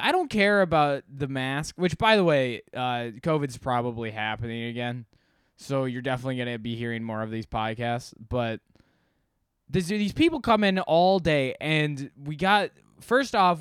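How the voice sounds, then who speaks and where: A man's voice: mid-range voice, clear, resonant tone, no room sound, studio quality. A young man hosting a podcast, telling a rambling, profane, exasperated story in casual monologue. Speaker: podcast host.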